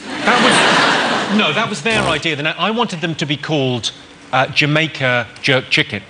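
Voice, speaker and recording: A man's voice: a little high, moderate pace. An English man, a comedian guest, telling self-mocking stories on a chat show. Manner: dry, self-mocking storytelling. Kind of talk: studio chat show banter. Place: TV studio. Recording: loud studio audience and noise.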